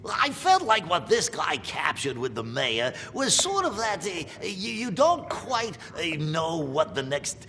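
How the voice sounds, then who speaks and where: A man giving halting, animated commentary on an impression, acting out the sounds he describes. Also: a little high, in a large hall, noisy background. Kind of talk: casual reaction commentary.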